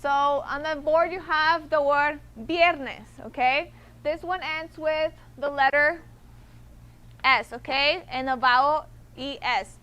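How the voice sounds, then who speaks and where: A woman's voice: high-pitched, steady tone, takes it slowly, sharp tone. A woman teaching a Spanish class to students, patient and explaining step by step, often checking in with "okay?". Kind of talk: classroom instruction.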